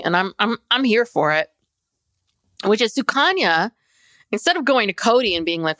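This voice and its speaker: A woman co-hosting a podcast in casual chat, animated and acting out what others said. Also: on the high side, normal speed, pauses often, dry recording, clean studio sound. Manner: animated, acts out quotes of others. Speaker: podcast co-host.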